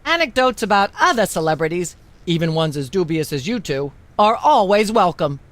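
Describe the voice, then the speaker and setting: Haughty talk show hostess. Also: female voice, lowish voice, big pitch swings, normal speed. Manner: haughty, lecturing, scolding. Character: pompous older female talk show host.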